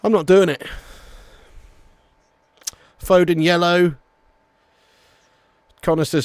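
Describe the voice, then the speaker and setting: A rowdy football fan hosting a live watch-along stream, full of jokes and swearing. His voice sits high for a man. He is close on a dry mic. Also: steady tone, slow pace, pauses often, no room sound. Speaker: match watch-along host.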